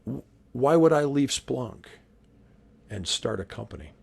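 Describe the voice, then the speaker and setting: A man hosting his own video series, telling history stories as a dramatic monologue with whispered asides and sudden loud bursts. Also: mid-range voice, sing-song, measured pace, gravelly, breathy edge.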